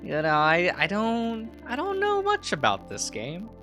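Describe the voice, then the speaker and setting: A man's voice: high-pitched, huge pitch swings, unhurried, bright, forceful tone, faint music behind. A man streaming a visual novel, reading it aloud with chuckling asides.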